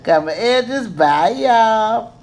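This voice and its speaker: A woman in her fifties giving a casual, playful hair tutorial, breaking into excited squeals. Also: a little high, very slow. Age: 50s. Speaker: beauty vlogger.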